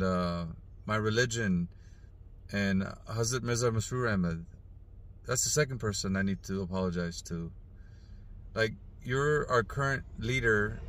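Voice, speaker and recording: A middle-aged father speaking earnestly in a heartfelt personal video message, halting and emotional at times. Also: on the low side, a bit bright. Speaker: father posting an apology video.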